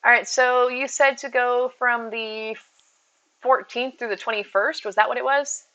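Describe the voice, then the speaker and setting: Woman streamer, bright tone, easy casual chatter aimed at viewers. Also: fairly high pitch, fairly even intonation, a little slow, low-quality recording. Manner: chatty, reads out and answers viewer messages. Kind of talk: casual live-stream chat. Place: at home with her cats.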